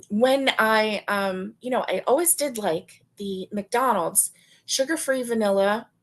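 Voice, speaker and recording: A middle-aged woman hosts a relaxed livestream and answers viewers' comments as they come in. She talks slowly and unhurriedly, filling her pauses with soft "ums" and easy chatter. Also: medium pitch. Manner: slow, chatty, warm asides with frequent fillers and laughs. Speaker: livestream host. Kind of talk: casual livestream chat reading viewer comments.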